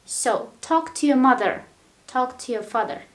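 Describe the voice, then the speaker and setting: A woman's voice: high-pitched, lively intonation, unhurried, reverberant. A woman teaching English grammar. She talks patiently, repeats her examples and keeps checking in with "right?".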